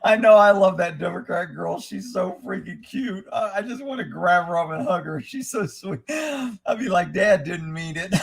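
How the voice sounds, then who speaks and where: Giggly man with a high voice. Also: normal speed, gravelly, breathy edge. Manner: chuckling, loose and irreverent. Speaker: livestream host. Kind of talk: casual livestream chat.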